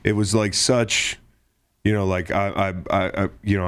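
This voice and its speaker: A man with a lowish voice talks casually as a podcast host. He is blunt and joking, and his delivery is laid-back. He drifts into football jargon as he chats. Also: level tone, moderate pace, fairly bright tone, clean tone. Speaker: podcast host, former defensive player. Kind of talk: casual chat.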